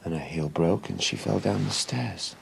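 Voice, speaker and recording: A guilt-ridden father, low and gravelly. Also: a little hiss or hum. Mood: remorseful. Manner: halting, low and remorseful. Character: guilt-ridden middle-aged father confessing his wife's killing. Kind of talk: TV soap drama.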